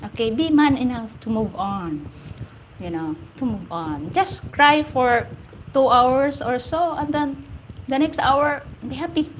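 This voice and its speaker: A woman's voice: high voice, a little slow, background noise. Chatty Filipino-accented woman streaming live. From Philippines. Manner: laughs often, repeats phrases, chatty and teasing. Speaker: livestream host. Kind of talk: casual live-stream chat answering comments.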